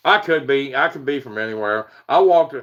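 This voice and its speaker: A man's voice: mid-range voice, a bit bright, lo-fi sound. A man from Virginia with an Appalachian hill accent, chatting casually on a livestream, rambling and chuckling as he reads out viewers' names. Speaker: paranormal livestream host.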